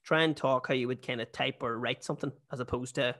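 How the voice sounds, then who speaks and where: Chatting casually on a podcast, a Northern Irish comedian with a Newry accent runs himself down and keeps restarting what he says. His medium-pitched, fairly bright voice comes out fast, with fairly even intonation.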